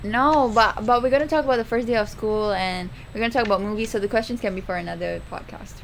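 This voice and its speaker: A teenage girl, co-hosting a casual podcast and reacting quickly to her friend. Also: mid-range voice, vocal fry, a little hiss or hum. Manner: lively, reactive, reads listener questions. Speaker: podcast co-host. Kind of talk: casual chat.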